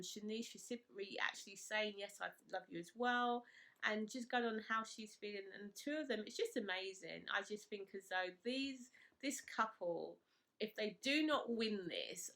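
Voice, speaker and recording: Woman rambling happily about tv, bright sharp voice, lots of kind of like. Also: medium pitch. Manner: gushing, enthusiastic, lots of fillers like "kind of, like". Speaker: vlogger reviewing a reality show. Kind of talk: casual chatty recap.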